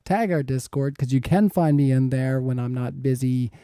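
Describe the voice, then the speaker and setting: A man's voice: mid-range voice, normal speed, mellow, smooth, no echo, clean studio sound. A man in his thirties moderating a live-streamed debate, reading viewer questions in an easygoing, rambling way. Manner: easygoing, rambling, chuckles often.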